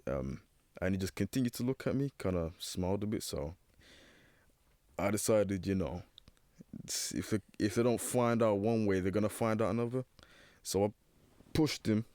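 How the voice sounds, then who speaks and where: A young man, his low voice picking its way through a personal story. He talks hesitantly, stacking fillers and restarts as he searches for words. The sound is close and dry, with no room around it. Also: normal speed, pauses often, darkish tone, no room sound. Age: teens. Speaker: young guest.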